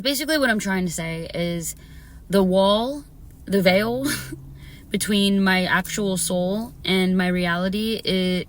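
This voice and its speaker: A woman's voice: medium pitch, a bit bright. A young woman talking casually to her viewers as a spiritual YouTuber, laughing often and swearing freely. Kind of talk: casual talk to camera.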